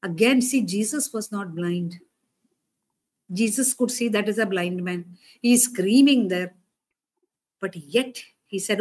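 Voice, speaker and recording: A woman's voice: mid-range voice, measured pace, long pauses, breathy edge. Woman preacher, chatty sermon, keeps asking the crowd stuff, medium voice. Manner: conversational, animated, asks listeners questions.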